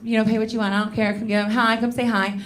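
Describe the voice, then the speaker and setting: A woman's voice: a little high, little pitch movement, very fast. A woman in her thirties performing a stand-up comedy set in a club, brash and profane, with self-mocking punchlines on a handheld stage mic.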